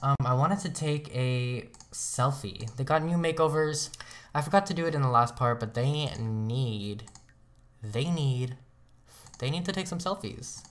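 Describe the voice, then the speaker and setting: A man's voice: medium pitch, unhurried, a bit bright. A young man casually commenting on his gameplay as a let's play host, chatty and rambling, often laughing at himself.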